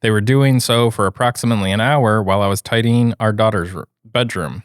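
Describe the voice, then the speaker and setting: A man co-hosting a podcast, reading a post aloud in a steady way and then giving his views in relaxed chat. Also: on the low side, a little fast, clear, resonant tone, no echo, clean studio sound. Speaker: podcast co-host reading stories.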